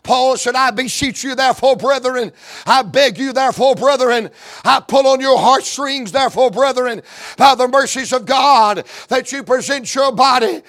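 A man preaching a sermon, fervent and rhythmic, rising into shouts and chanted runs of phrases. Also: very high-pitched, moderate pace.

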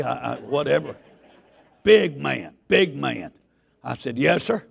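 A man preaching a sermon in a church. He is a loud, folksy Baptist pastor who tells stories with stammering restarts. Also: mid-range voice, animated, unhurried, vocal fry, breathy edge. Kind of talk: sermon with storytelling.

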